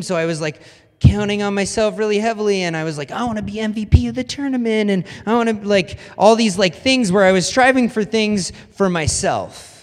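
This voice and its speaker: A young man preaches in a relaxed, chatty way, slightly higher-pitched than most men. He tells stories with self-deprecating humor, many fillers and restarts. His voice rings with the long reverb of a church hall. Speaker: pastor. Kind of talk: casual sermon with personal story.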